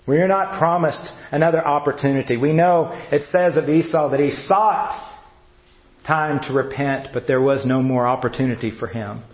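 A man preaching an earnest, measured sermon as a pastor. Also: mid-range voice, reverberant, highs cut off.

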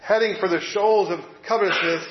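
Male preacher, fairly high voice, relaxed conversational sermon delivery, roomy echo. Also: fairly quick, background noise. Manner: conversational, reads quotes aloud, occasional repeated words. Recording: echoey room, slightly dull sound.

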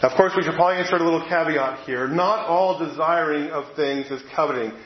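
A man's voice: a little high, brisk, slight background noise. A man giving a sermon in a conversational way, reading passages aloud and sometimes repeating words as he goes. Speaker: preacher. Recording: echoey room, slightly dull sound.

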